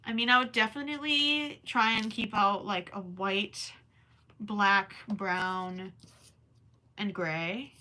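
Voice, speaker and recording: A young woman chats with her viewers on a crochet livestream, her voice bright and clear. She is talkative and easily distracted, and keeps breaking off to count her stitches under her breath. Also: medium pitch, slow pace. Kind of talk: casual livestream chat while crocheting.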